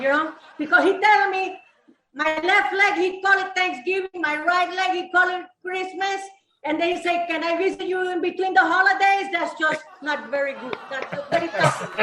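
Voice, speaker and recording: A woman's voice: very high voice, pushed and bright, reverberant, a little hiss or hum, low-quality recording. A woman playing a brassy, flirty Mrs. Claus with a voice, laughing through her lines at a live comedy roast. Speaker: roast guest.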